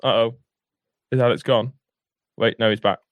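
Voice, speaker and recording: A man in his thirties hosting a podcast, playing along in an improvised sketch with a deadpan, hesitant delivery full of ums. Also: medium pitch, normal speed, dry recording. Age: 30s. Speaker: podcast host and editor. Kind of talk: improvised comedy sketch and casual chat.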